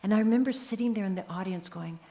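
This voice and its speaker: An older woman in her seventies, talking casually as a guest on a live event stage. She tells her stories with animation and acts out the quotes. Her voice sits at a middling pitch. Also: racing, mellow. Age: 70s. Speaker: memoir author, interview guest. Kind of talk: casual onstage conversation.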